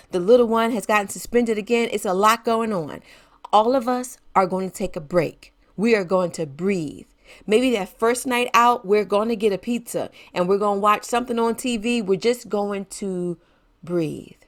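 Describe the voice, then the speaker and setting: A middle-aged woman hosting her own podcast, talking casually and encouragingly to parents and laughing often. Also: mid-range voice. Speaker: podcast host. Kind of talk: casual solo podcast talk.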